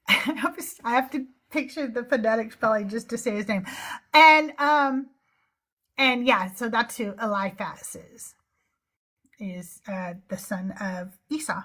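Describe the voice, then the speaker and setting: A woman's voice: on the high side, slow pace, a bit bright. A middle-aged woman hosting a livestream, chatting casually with viewers, laughing often and trailing off into fillers. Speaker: livestream host.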